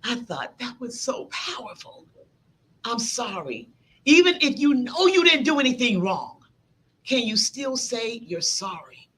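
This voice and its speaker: Animated, bright-voiced woman preaching. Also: a little high, unhurried, husky. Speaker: pastor. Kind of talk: sermon.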